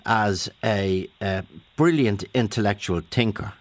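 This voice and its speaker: An Irish man hosting a phone-in radio show, chatty and quick with his questions, often restarting mid-sentence. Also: lowish voice. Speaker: radio host. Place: radio studio. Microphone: studio microphone.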